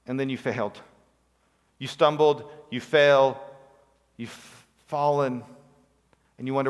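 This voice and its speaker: A man's voice: medium pitch, fairly even intonation, takes it slowly, long pauses, long reverb tail. A man preaching a sermon, telling a story with acted-out quotes and rhetorical questions. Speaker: pastor.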